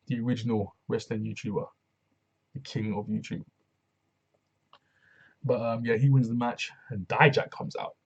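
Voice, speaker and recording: A man talks through a wrestling show on his own, slangy and excitable, and keeps looping back on his phrases. His voice is gravelly and husky. It comes through a dull, lo-fi recording. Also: fairly low pitch. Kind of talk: casual solo review.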